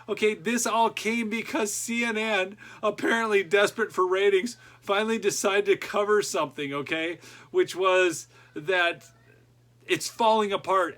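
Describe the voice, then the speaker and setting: A man runs an opinion podcast, reading articles aloud and breaking off into sarcastic jabs. His voice is bright and forceful. It sits a little high for a man. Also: moderate pace. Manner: sarcastic, with laughing asides. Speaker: political podcast host. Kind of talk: opinion commentary reading news.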